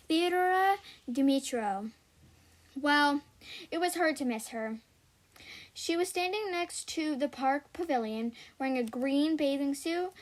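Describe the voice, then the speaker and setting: Woman reader with a high voice, steady and careful, reading a children's chapter book aloud. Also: rough recording. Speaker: audiobook reader.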